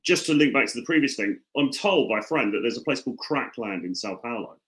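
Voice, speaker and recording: A man telling rambling, deadpan stories on a casual podcast, full of restarts. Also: mid-range voice, fast, poor audio. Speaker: podcast co-host.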